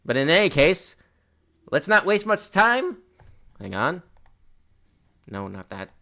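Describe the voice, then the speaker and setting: A man's voice: a little high, huge pitch swings, takes it slowly, vocal fry, pushed and bright. A young man streaming a game in casual chat, rambling and restarting his words, with a slightly sore throat. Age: young adult.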